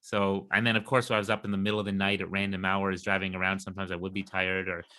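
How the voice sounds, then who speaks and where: A young adult man co-hosting a podcast, chatting casually and joking, quick to laugh. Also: low voice, clean tone. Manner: relaxed, joking, laughs easily. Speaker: podcast co-host. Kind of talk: casual chat.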